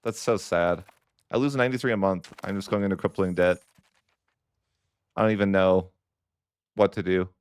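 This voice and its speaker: A man's voice: low voice, moderate pace, pauses often, clear, resonant tone, no echo, studio quality. A man giving casual commentary over a strategy game, wry and mock-dramatic as he grumbles about his bad luck. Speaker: gaming YouTuber.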